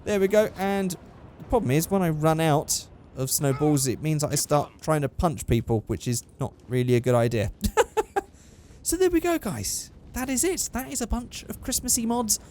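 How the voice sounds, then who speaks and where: A man's voice: fairly high pitch, big pitch swings, moderate pace, a little mellow, slight background noise. Chatty young man narrating gameplay. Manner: chatty and upbeat, thinking aloud. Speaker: gaming YouTuber. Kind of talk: casual gameplay commentary.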